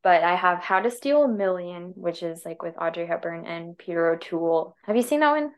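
A woman's voice: fairly low pitch, lively intonation, a little fast, clean tone. A woman co-hosting a podcast, chatting casually about films in an easygoing, hedging way with frequent laughs. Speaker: podcast co-host. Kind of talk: casual film chat. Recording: dull lo-fi audio.

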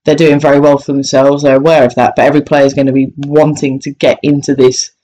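A man's voice: mid-range voice, level tone, quick pace, dark tone, poor audio. A man co-hosting a casual football podcast, giving blunt opinions with laughing asides. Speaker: podcast co-host, football fan.

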